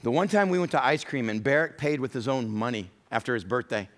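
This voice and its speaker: A man's voice: mid-range voice, fast talker, fairly bright tone. A middle-aged man preaching a church sermon, full of humorous storytelling. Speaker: pastor.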